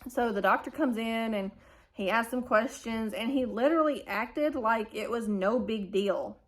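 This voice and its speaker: A woman's voice: on the high side, a little slow. A woman, telling a family vlog storytime and acting out the people in it. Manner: animated retelling, acting out quoted dialogue. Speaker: family vlogger. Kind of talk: storytime recounting a hospital stay.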